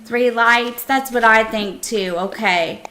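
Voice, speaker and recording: A woman's voice: on the high side, slow, pushed and bright, faint music behind. A woman live-streaming a cozy game, chatting casually and asking her viewers for their opinions, giddy and proud.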